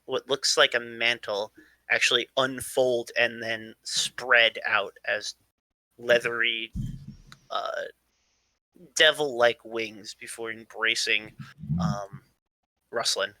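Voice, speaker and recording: A man narrating a tabletop game as game master, in a slow, descriptive way. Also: medium pitch, steady tone, sharp tone, no echo.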